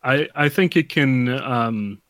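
Game designer guy on a podcast, bright tense voice, rambles a bit, laughs a lot. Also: medium pitch, takes it slowly, no room sound. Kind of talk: casual chat.

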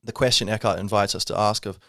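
Low-voiced guy rambling about spiritual stuff on his podcast, dry close sound, lots of ums. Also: steady tone, quick pace, fairly bright tone, no echo. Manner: rambling, casual, many fillers and restarts, wry asides. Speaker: podcast host. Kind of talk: reflective spiritual monologue.

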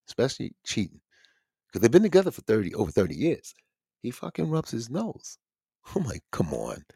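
Male podcast host, loose profane ranter, very lively delivery, dead-dry room. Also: medium pitch, dry recording. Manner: animated, swearing, ranting. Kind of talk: casual profane commentary.

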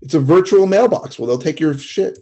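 A man with a husky, mellow voice who talks fast. He co-hosts a casual podcast and makes blunt, dismissive points. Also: fairly high pitch, lively intonation. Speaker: podcast co-host.

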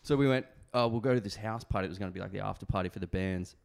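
A man's voice: on the low side, racing, vocal fry. An Australian man in his thirties telling a rambling story in casual chat, laughing and swearing freely.

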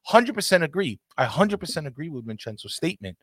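A man's voice: fairly high pitch, big pitch swings, fast talker, fairly bright tone, dry recording, clean studio sound. A man hosting a casual football talk show, ranting passionately and swearing freely. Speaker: podcast host.

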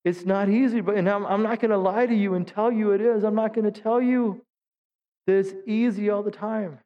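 Pastor with a higher voice, preaching in a reverberant church. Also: male voice, fairly even intonation, fairly quick, highs cut off. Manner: humorous storytelling, acts out quotes in high voices. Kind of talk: sermon. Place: church sanctuary.

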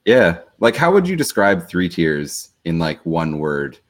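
A man's voice: low-pitched, big pitch swings, a little slow. A man hosting a casual podcast chat, rambling loosely with lots of fillers. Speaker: podcast host.

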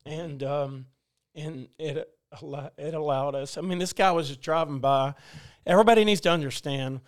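A man telling a personal faith story in a halting way with many restarts, choked up and near tears. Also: a little high, no room sound, studio quality. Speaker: guest telling his story. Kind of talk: emotional personal testimony.

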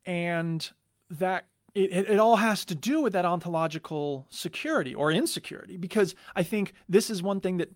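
Guy hosting his own show, kinda high voice, rambles and restarts a lot, dry close sound. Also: normal speed, no room sound. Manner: rambling, thinks aloud with many restarts and fillers. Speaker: podcast host. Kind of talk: casual spoken commentary.

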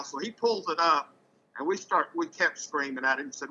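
Here a man with a ringing, very bright voice, a little high and at normal speed, spins a story casually and loosely. Animated, he trips on repeated words and sometimes raises his voice to imitate what others said. The sound is lo-fi.

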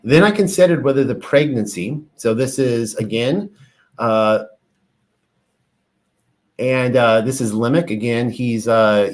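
A man teaching on ancient religious texts, reading passages aloud and then explaining them in a casual, filler-laden way. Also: medium pitch. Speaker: bible teacher.

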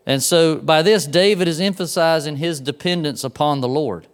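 A man preaching a sermon in a smooth, resonant voice that sits a little high. He talks in a loose, conversational way and makes asides to the people in front of him. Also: normal speed, hardly any pauses. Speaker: pastor.

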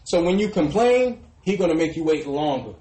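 A man preaching a sermon who often trails off into a soft "brothers and sisters". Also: fairly high pitch, lively intonation, moderate pace, echoey room, low-quality recording. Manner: ends phrases with a dropping, quiet "brothers and sisters". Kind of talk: street sermon.

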